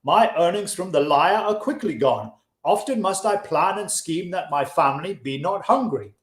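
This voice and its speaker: A man reading the part of a poor, wistful lyre player, speaking measured old-fashioned English. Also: high-pitched, expressive, pitched above the performer's own voice. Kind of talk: audiobook-style reading of a classic. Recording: roomy echo.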